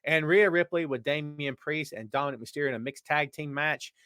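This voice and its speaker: A man hosting a live wrestling podcast, chatting casually and reading out viewer comments in an animated way. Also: a little high, a little fast, clean tone, no echo, studio quality. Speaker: podcast host. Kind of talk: live-chat wrestling talk.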